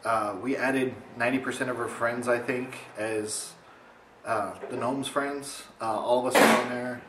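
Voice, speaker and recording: A man's voice: a little slow, echoey room, noisy background. Young man telling a rambling story. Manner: rambling, animated, mimics others in high voice. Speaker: vlogger. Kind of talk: casual storytelling to camera. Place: home, indoors.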